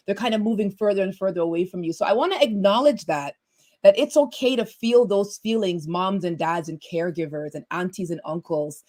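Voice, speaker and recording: A woman's voice: lowish voice, darkish tone. A middle-aged woman hosting a parenting podcast in a chatty, casual way, often repeating words as she starts a thought. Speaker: podcast host.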